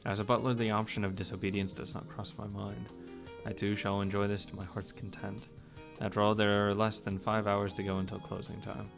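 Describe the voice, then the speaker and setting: Man, let's play reader, visual novel narration, jokey asides, low voice, gravelly. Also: flat delivery, a little fast, music in the background. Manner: playful, joking commentary between read lines.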